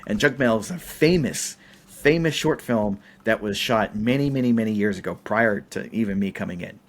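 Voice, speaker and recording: A young adult man, a podcast guest, telling a story in a casual, emphatic and animated way, with many fillers. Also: fairly low pitch, moderate pace.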